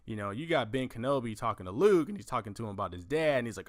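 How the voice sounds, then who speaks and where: A man hosting a casual movie news podcast, profane and animated, acting out lines from films as he tells them. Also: mid-range voice, fast, few pauses, no echo, clean studio sound. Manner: profane, animated storytelling with acted-out quotes. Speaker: podcast host.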